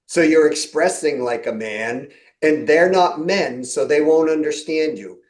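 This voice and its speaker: Chatty podcast host in an echoey room. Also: male voice, fairly high pitch, slow. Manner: storytelling, acts out quoted exchanges with laughs. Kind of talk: casual podcast chat.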